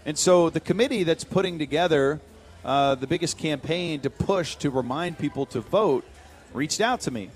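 A man, hosting a radio show, telling a story in lively casual banter and laughing often. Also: on the high side, normal speed.

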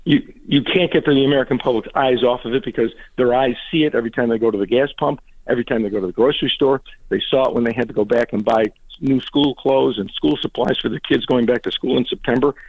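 A man's voice: medium pitch, no echo. A man answers questions as a radio guest over a phone line. His mid-range voice comes through tinny and dry, and his delivery is emphatic and indignant. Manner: emphatic, indignant, quick asides. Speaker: political guest.

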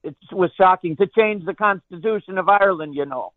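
Male caller, high voice, deadpan satire, tinny phone line. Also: no echo. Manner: deadpan satirical joking, halting with many fillers. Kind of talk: call-in talk radio.

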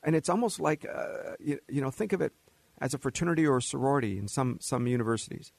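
A man hosts a talk radio show with a gravelly, somewhat husky voice that sits a little high for a man. He talks in an animated, mocking way. The sound is dry and close, with no room around it. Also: quick pace, dry recording. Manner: animated, mocking, acts out quoted voices with laughs. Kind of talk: opinionated talk radio monologue.

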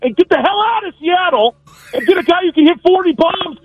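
A man's voice: extremely high pitch, lively intonation, brisk, soft background music. A man calling into a radio show, ranting with indignation. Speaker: radio caller. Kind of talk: angry call-in rant. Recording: tinny phone line on radio.

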